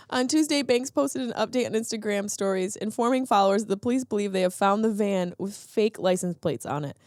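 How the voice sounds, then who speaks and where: A woman's voice: mid-range voice, brisk, no room sound, studio quality. A woman in her thirties hosting a comedic solo podcast, riffing sarcastically on news stories. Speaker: podcast host.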